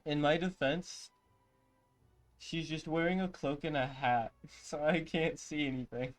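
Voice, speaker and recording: A man's voice: a little high, fairly even intonation, unhurried, soft background music. A man streaming a video game, chatting casually, laughing often and reading dialogue aloud. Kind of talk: casual gameplay commentary.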